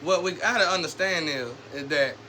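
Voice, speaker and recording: A high, bright-voiced man rants to his camera in street slang, preachy and animated. He drifts between scolding and telling his own story. A faint hum of ambient noise sits behind him. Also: normal speed. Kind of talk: casual rambling monologue.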